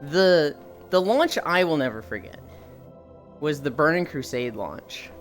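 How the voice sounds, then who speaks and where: A man's voice: a little high, expressive, a little slow, faint music behind. A man streaming while walking on a treadmill, chatting and telling a long, rambling story with casual swearing.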